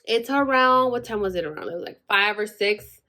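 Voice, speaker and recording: A woman's voice: medium pitch, expressive, a little fast, bright, forceful tone. A young adult woman telling a long personal story in casual chat, rambling, full of "like" and exasperated asides.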